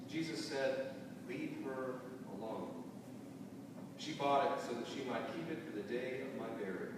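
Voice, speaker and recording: Pastor preaching in an echoing church hall. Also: male voice, medium pitch, noisy background. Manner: slow, deliberate reading with soft falling endings. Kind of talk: sermon with scripture reading. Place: church sanctuary. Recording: roomy church hall from far off.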